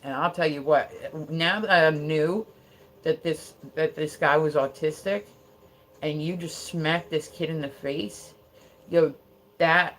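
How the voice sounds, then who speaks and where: Heated, fast-talking woman streamer. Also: sits low. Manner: heated, profane, peppered with "like" and "right?". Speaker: live streamer. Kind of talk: casual storytelling on a live stream.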